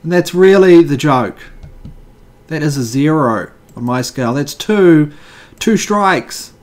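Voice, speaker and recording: A man's voice: a little high, animated, takes it slowly. A man hosting a casual video, reading jokes aloud and giving wry, rambling commentary with fillers.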